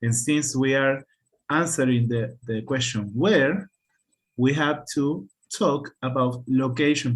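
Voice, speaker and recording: Male English teacher, slow and patient delivery, keeps checking in with students. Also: on the high side. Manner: patient, checks in with "hmm?" often. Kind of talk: online class teaching.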